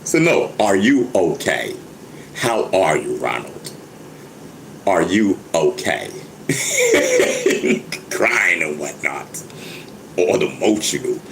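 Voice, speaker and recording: Older new guy rambling to his viewers, stutters and repeats himself a lot, lowish voice that swings all over. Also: wildly swooping pitch, slow, fairly bright tone, a little hiss or hum, low-quality recording. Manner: stammering, repeats words, laughs often. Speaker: vlogger, rapper. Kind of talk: casual livestream monologue.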